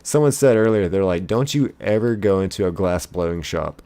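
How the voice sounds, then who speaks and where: A man streaming a game live, casually reading his chat's messages aloud in a playful, excitable way. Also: low voice, clean tone. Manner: reads chat messages aloud in quick succession, playful and excitable; casual, uses "y'all". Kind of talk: live gaming stream chat.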